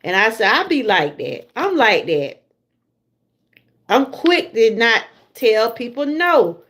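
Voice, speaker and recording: A woman's voice: a little high, big pitch swings, slow pace, fairly bright tone. A middle-aged woman with a Southern US accent, chatting casually to her viewers on a livestream and laughing often. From Georgia, USA. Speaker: livestream host.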